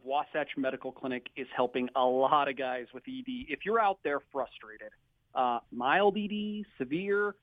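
A man from a clinic giving an upbeat, salesy sponsor pitch on a radio show. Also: no room sound, narrow, tinny audio. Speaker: clinic representative, sponsor guest.

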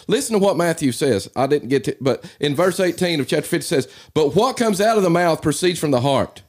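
A man's voice: on the high side, a little mellow. A man, a pastor, talking fervently in a casual discussion, rising into emphatic preaching.

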